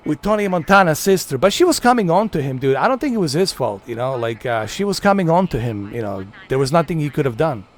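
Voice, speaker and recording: A young man streams himself playing, talking loosely and swearing as he jokes along. He hams things up with fake drama, and a faint hum of engine noise sits behind his voice. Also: medium pitch. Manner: joking, profane, mock-dramatic. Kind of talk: casual live gameplay commentary.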